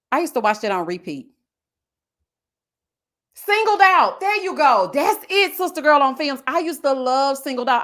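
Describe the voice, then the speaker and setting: A woman in her thirties hosting a live stream, chatting in a casual, animated, slangy way and telling stories. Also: on the high side. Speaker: YouTube host.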